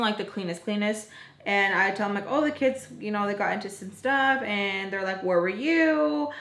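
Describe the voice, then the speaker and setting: A woman's voice: medium pitch, a bit bright, reverberant. A young woman telling a personal storytime in casual chat, quoting people and sighing now and then. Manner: chatty, quotes people in her own voice, sighs often. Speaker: storytime vlogger. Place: indoors, rain audible outside.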